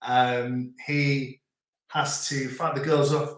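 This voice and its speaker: A man's voice: medium pitch, little pitch movement, slow. Chatty northern English man, echoey room. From England. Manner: chatty, rambling, repeats words. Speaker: host. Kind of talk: casual live-stream chat. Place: family home in rural France.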